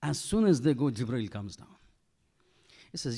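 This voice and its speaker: A man giving a sermon, telling a story with lively acted-out dialogue and Urdu phrases mixed in. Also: medium pitch, a little fast, long pauses. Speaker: preacher.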